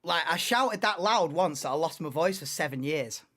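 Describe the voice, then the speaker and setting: A man in his late twenties, hosting a live race watchalong in an excitable, rambling, chatty way. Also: on the high side, moderate pace. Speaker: livestream host.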